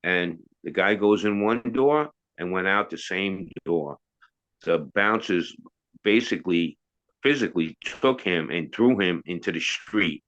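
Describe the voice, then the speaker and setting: A middle-aged man with a very low voice tells a long story as a guest, loose and rambling, doubling back and adding asides. The sound is dull and lo-fi. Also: lively intonation, measured pace, a bit bright. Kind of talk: casual spoken storytelling in an interview.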